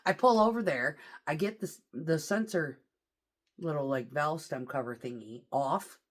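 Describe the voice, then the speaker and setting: A woman's voice: low voice, measured pace. A woman truck driver telling a story in a casual vlog, swearing freely and talking animatedly.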